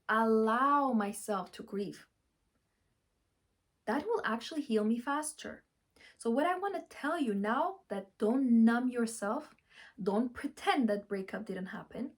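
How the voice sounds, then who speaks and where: Lively, husky-voiced woman giving breakup advice. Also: fairly high pitch. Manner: expressive, laughs often, acts out her own past thoughts. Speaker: relationship coach. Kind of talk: advice vlog talking to camera.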